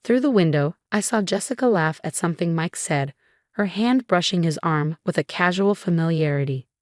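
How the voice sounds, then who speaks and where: Low-voiced woman narrating dramatically. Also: lively intonation, moderate pace, a little mellow, no room sound, studio quality. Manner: emotional, dramatic delivery. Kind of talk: dramatic first-person story narration.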